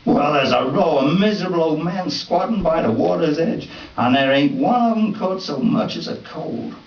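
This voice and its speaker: A man reading his own comic story aloud at a live event, in a wry, deadpan first-person voice with folksy dialect. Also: a little high, normal speed. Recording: distant, roomy, dull live recording.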